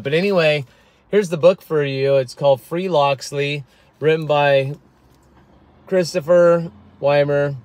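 Guy rambling to camera about a book, lots of um and restarts, dry close sound from earphone mic, middle pitch. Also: no room sound. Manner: rambling, halting, with many restarts and fillers. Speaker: vlogger reviewing a book. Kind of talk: casual talk to camera. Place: outdoors on windy clifftop.

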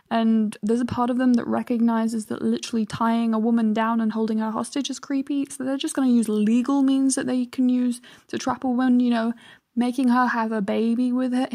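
Sarcastic woman doing reaction commentary, exasperated, whispers a lot, kinda high voice. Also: warm tone. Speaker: host.

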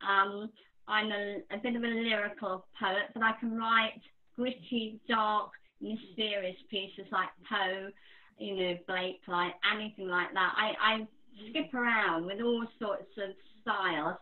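A woman's voice: mid-range voice, steady tone, a little slow. A woman poet talking as an interview guest, chatty, with many ums. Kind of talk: casual interview talk. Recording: tinny phone-like line.

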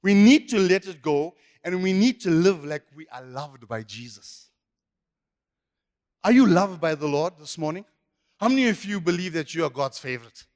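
A man's voice: fairly high pitch, lively intonation, moderate pace, a little mellow. A man preaching a sermon as pastor, emphatic and repetitive. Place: church hall. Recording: echoey church hall.

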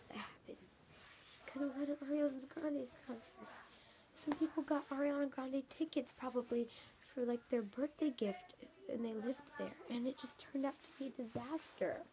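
A woman talking in a casual, emotional vlog, often dropping into a soft half-whisper and repeating herself earnestly. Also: on the high side, background noise. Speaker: YouTuber. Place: home in San Francisco.

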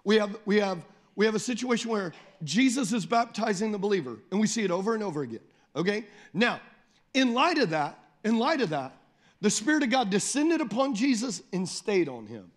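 A man preaching a sermon as pastor, emphatic, repeating phrases, calling on the congregation and slowing down to read scripture. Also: high voice, big pitch swings. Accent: Midwestern American. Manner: slows down and lifts the voice when reading scripture.

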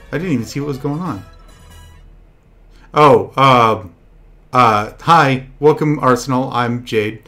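A young man streaming a party video game with friends, chatting casually and breaking into loud, profane outbursts at the game. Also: medium pitch, slow pace, long pauses, soft background music. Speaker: VTuber streamer.

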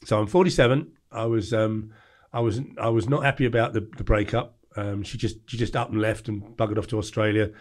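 A man in his forties from England, a podcast guest telling a story in a blunt, lively way and acting out the lines of others. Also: on the low side, brisk. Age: 40s. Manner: blunt, animated storyteller who acts out quoted lines. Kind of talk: storytelling interview.

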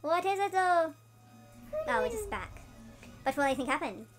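A woman co-hosting a video game let's play, giggling and cheering her partner on, her voice sped up into a chipmunk pitch. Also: big pitch swings, moderate pace, over music. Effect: sped-up chipmunk pitch shift. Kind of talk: casual gaming commentary.

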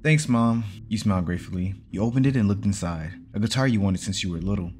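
A man reading a fan story aloud in a plain, steady storytelling manner. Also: low-pitched, fast talker, a little hiss or hum. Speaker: story reader.

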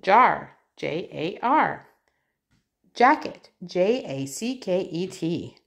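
A woman's voice: on the low side, very animated, drawn-out words, creaky, a bit bright. A mother patiently reading an alphabet workbook aloud with her child, spelling words letter by letter and echoing the child's prompts.

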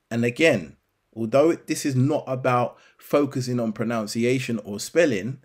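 A man teaching scripture in a slow, deliberate way, putting rhetorical questions to the listener. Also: mid-range voice, darkish tone. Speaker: bible teacher.

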